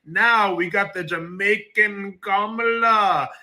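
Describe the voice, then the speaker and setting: A man's voice: high-pitched, slow pace, bright, forceful tone, no echo. A man ranting on a commentary vlog, incredulous and mocking, often breaking into laughter. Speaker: commentary vlogger. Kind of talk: excited opinion rant.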